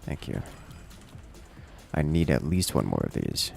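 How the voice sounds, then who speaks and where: A man's voice: extremely low pitch, sing-song, a little slow, creaky, a little mellow, soft background music. A man hosting a casual gaming livestream, musing aloud as he plays and answers chat. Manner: musing aloud while playing, reading chat. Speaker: livestream host.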